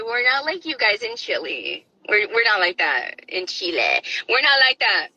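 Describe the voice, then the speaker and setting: A woman's voice: mid-range voice, big pitch swings, normal speed, few pauses, pushed and bright, breathy edge, poor audio. A middle-aged woman, a nurse, gives heated commentary in a mocking, indignant tone, switching between languages.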